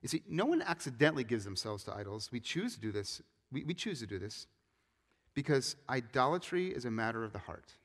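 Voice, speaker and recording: A man preaching a sermon as a pastor, moving between loud emphatic scripture reading and quiet earnest appeals. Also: medium pitch, big pitch swings, fairly quick. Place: church sanctuary. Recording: long reverb of a church hall.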